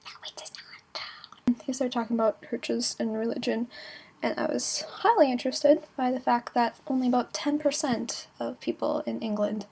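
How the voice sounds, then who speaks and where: A young woman chatting casually in a travel vlog, giggly and playful with quick asides. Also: on the high side, steady tone, gravelly, mellow, husky. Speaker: vlogger.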